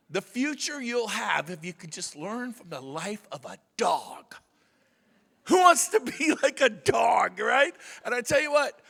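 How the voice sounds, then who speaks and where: A man giving a motivational speech at a conference, emphatic and swinging from loud shouts to quiet asides. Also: very high-pitched, creaky, big-room sound. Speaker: conference speaker. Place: large conference room.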